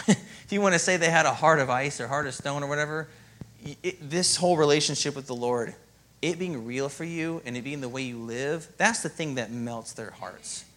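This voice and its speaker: A man preaching a sermon as pastor, in a lively, conversational way and often asking "Amen?". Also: on the high side, normal speed.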